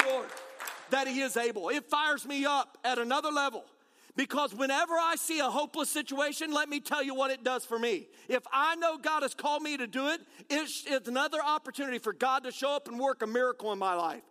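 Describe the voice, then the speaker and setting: A man preaching an energetic sermon with rallying calls and self-deprecating jokes. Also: very high voice, fairly quick. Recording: long hall reverb.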